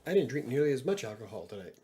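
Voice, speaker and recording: A man's voice: medium pitch, big pitch swings, rapid-fire, warm tone. A middle-aged man hosting a casual livestream, joking around and reading chat messages aloud. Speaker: livestream host.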